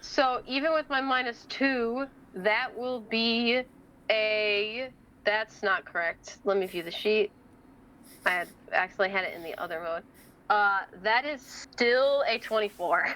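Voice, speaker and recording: A woman plays a tabletop game, slipping between speaking in character and casual table talk. Her voice sits at an ordinary middle pitch. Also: unhurried, pushed and bright, low-quality recording. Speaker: player.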